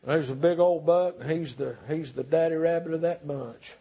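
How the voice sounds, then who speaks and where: A male preacher delivering a revival sermon, swinging from shouts to hushed pleading. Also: fairly high pitch, steady tone, normal speed, vocal fry, few pauses, husky, muffled recording. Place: church.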